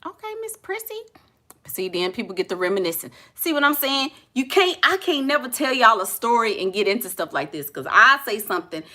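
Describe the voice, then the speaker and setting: A woman hosting a casual live chat, sassy and teasing and quick to laugh. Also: a little high, sing-song, pushed and bright. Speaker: livestream host.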